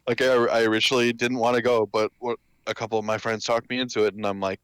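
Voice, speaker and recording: A young man as a guest in casual chat, telling a story slowly and haltingly. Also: medium pitch, level tone, fairly bright tone, clean tone, no room sound.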